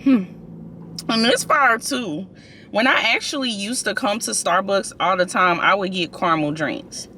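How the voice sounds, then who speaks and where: A young woman vlogger from St. Louis, chatting casually and telling an animated story in her car. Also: mid-range voice, a little slow, slight background noise. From St. Louis, USA.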